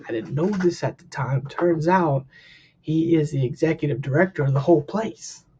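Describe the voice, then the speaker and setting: A man, a counselor, telling a personal story in a casual, animated way, jumping up in pitch when he acts out what people said. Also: moderate pace, husky. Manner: animated, acts out quotes with big pitch jumps. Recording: dull lo-fi recording.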